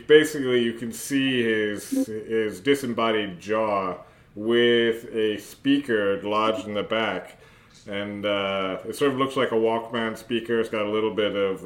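A man narrating as game master of a tabletop game, halting and full of fillers. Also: fairly low pitch. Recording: roomy echo, faint noise.

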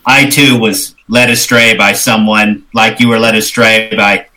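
A man's voice: on the low side, flat delivery, measured pace, bright, forceful tone. A man playing his character in a tabletop game, mild, polite and dryly apologetic. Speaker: player.

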